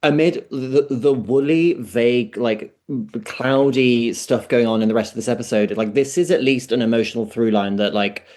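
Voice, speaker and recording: A man co-hosting a podcast in casual chat, expressive and acting out quotes. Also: mid-range voice, normal speed. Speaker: podcast co-host.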